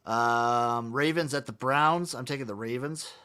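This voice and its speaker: A man co-hosting a podcast, briskly running through football matchups and picks in casual chat. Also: medium pitch, sharp tone, clean tone. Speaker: podcast co-host.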